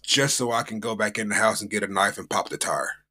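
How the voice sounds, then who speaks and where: A man's voice: on the low side, a little fast, bright, forceful tone. A man from the United States, co-hosting a podcast from home, telling a story in a rambling, slangy, casual way. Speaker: podcast co-host. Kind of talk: casual chat.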